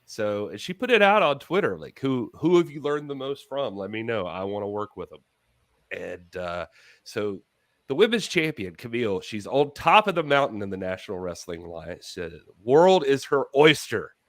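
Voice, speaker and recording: A podcast co-host chats loosely and ramblingly on a casual wrestling talk show held over video call. His mid-range voice is sing-song at a moderate pace, and the recording is dry and studio-clean.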